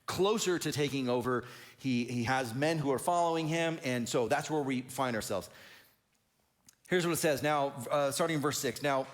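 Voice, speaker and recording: A male pastor giving a conversational sermon, retelling scripture with animated storytelling and fillers. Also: mid-range voice.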